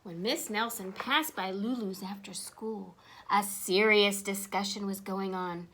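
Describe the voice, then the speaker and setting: Woman reading a children's story aloud, slow, bright, high, asks the kids questions. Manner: animated, asks listeners questions. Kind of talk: children's picture-book read-aloud.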